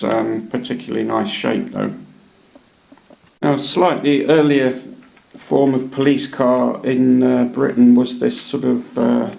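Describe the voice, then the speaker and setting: Man hosting a hobby show, gravelly, chatty and halting, echoey room. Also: medium pitch, darkish tone. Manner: chatty, hesitant, many ums and uhs. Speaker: hobby channel host. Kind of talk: casual show-and-tell narration.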